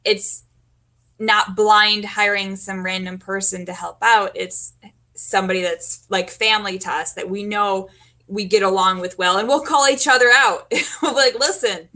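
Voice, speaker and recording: Bright eager woman chatting. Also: mid-range voice, fairly even intonation, normal speed. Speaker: business owner. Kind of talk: casual chat.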